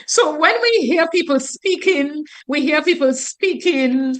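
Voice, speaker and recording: A woman teacher from Dominica, explaining grammar on the radio in an animated, teacherly way. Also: high-pitched, a little slow.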